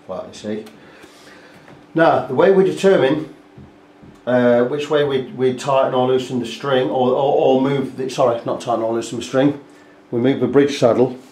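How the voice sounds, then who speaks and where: Chatty guitar tech, roomy. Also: male voice, medium pitch, moderate pace, a little mellow. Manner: chatty, explains step by step, talks while working. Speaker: guitar repair technician. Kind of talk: hands-on repair walkthrough. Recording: echoey workshop room.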